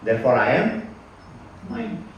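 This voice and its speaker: A man giving a spiritual lecture, lively and fond of rhetorical questions and repeated phrases. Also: mid-range voice, measured pace, recorded from a distance, dull audio. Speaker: Vedanta teacher. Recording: echoey hall, speaker away from the mic, faint noise.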